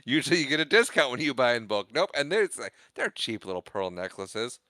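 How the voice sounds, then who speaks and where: A man's voice: mid-range voice, brisk, dry recording. A young man co-hosting a podcast, retelling a movie scene in casual chat, acting out the characters' lines and laughing often. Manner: animated retelling, acts out quotes, laughs often. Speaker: podcast co-host.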